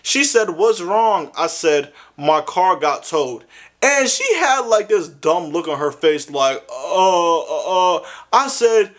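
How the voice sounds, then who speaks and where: A man's voice: sits high, big pitch swings, takes it slowly, fairly bright tone. A young man telling a comedic story with lots of slang, sounding exasperated. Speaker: animated storyteller.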